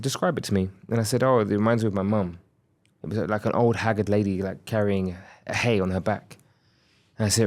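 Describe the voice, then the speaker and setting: A man in his thirties speaks as a podcast guest, telling a personal story with candid reflection. His voice sits fairly low. He slips into the dialogue he quotes, acting out the other people's lines. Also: a little mellow.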